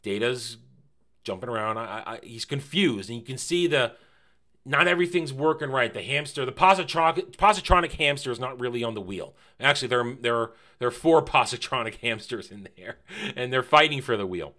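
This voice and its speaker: Male reviewer, casual and emphatic, with a bright, forward tone. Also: medium pitch, a little fast. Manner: animated and emphatic, fond of repeating phrases; casual, with mild swearing. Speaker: TV series reviewer.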